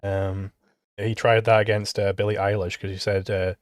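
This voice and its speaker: A man co-hosting a livestream, talking casually and haltingly with many fillers. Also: lowish voice, little pitch movement, no room sound, clean studio sound.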